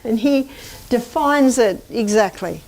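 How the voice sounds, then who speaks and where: Higher-pitched woman giving a lecture. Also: animated, slow, a little mellow. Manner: chatty anecdotal storyteller, quizzes the audience. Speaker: health presenter. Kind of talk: lecture to a live audience.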